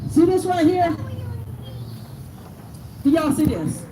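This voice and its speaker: A woman's voice: extremely high pitch, very animated, slow, mellow. A middle-aged bereaved mother giving a raw, angry speech to a crowd at an outdoor protest. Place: outdoors at a protest by city hall. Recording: distant echoey noisy outdoor recording.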